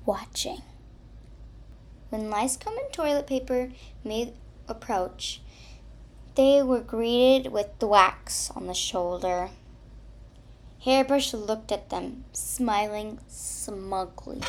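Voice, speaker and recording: A woman narrates a children's storybook in a slow, deliberate way. Her voice sits fairly high, and she lingers on each phrase. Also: a little hiss or hum. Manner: slow, deliberate, expressive reading. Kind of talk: storybook reading.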